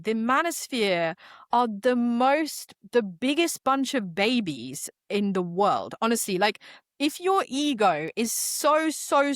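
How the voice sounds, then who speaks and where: A woman's voice: fairly high pitch, no room sound, clean studio sound. A young English woman co-hosting a podcast, chatting in an emphatic, slangy way. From England. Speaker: podcast co-host. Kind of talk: casual chat.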